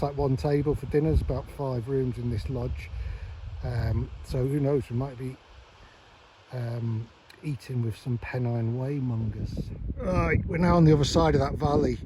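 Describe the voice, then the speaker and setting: A man chatting through his walking diary in a rambling, relaxed way, full of ums and restarts. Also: medium pitch, noisy background. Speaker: long-distance walker filming a trail diary. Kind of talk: casual vlog narration.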